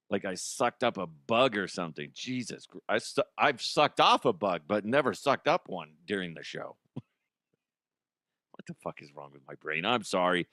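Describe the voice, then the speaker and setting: A man's voice: lowish voice, pushed and bright, no echo, clean studio sound. A man hosting a comedic news podcast, talking in a loose, joking way with swearing and self-mockery. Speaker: podcast host.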